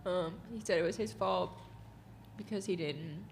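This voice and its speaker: A young woman, a college basketball player, answering press questions in an earnest, measured way. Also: fairly low pitch, gravelly, slight background noise. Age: young adult. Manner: earnest, measured, defends her father. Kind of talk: postgame press conference answers.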